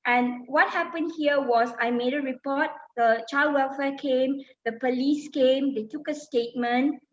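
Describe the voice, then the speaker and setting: A middle-aged woman from Malaysia recounts her personal story in an emotional talk, hesitating often with ums and restarts. Her voice sits high, and the recording sounds dull and lo-fi. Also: fairly even intonation, measured pace, a little hiss or hum. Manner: emotional, many fillers and restarts. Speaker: speaker.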